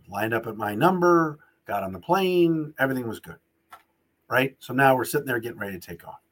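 A middle-aged man hosts a casual podcast, slightly high-pitched and a little husky. His pitch leaps around as he rants through a story, plainly irritated and animated. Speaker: podcast host. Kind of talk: casual podcast monologue and ad read.

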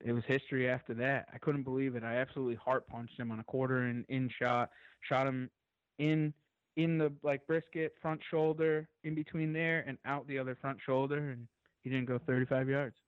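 A man as a podcast guest, telling a long story in an excited, rambling way and swearing freely. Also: mid-range voice, brisk, clear, resonant tone, dry recording, narrow, tinny audio.

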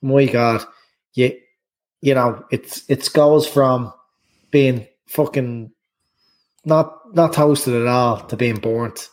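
A man's voice: medium pitch, takes it slowly, pauses often, low-quality recording. Rambling, hesitant Irish man. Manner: rambling, hesitant, swears freely. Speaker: podcast co-host. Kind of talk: casual chat.

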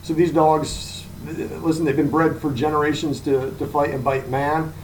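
A man's voice: fairly high pitch, level tone, moderate pace, distant mic, a little hiss or hum, poor audio. A man from New Jersey, a guest on a podcast, talking casually and restarting his sentences. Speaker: guest, contractor.

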